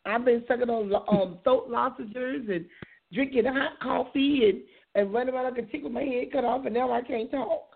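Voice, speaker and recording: A woman hosts a casual talk show with a hoarse, gravelly voice. She is chatty and laughs easily. Her voice comes through a thin, phone-like sound. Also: on the high side, normal speed. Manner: chatty, laughs easily, says things twice. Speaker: radio show host.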